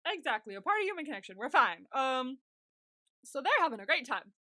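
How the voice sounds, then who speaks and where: A woman's voice: high-pitched, very animated, pushed and bright, no room sound, clean studio sound. A woman co-hosting a podcast, recapping an episode in casual chat, giggling often and acting out characters' lines. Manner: giggly, acts out characters' lines in quick impressions. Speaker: podcast co-host.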